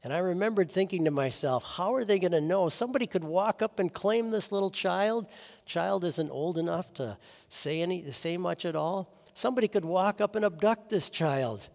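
A man's voice: lively intonation, normal speed, vocal fry. Earnest preaching man in a reverberant hall. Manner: earnest preaching, swings from loud emphasis to soft low phrases. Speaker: pastor. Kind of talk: sermon.

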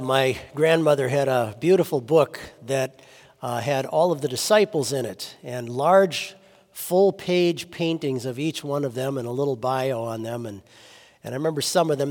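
A man reading a scripture passage and then reflecting on it, in a plain, halting sermon voice with some restarts. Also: medium pitch, a little mellow, in a large hall. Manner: reads scripture steadily, then reflects in loose, halting speech. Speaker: pastor.

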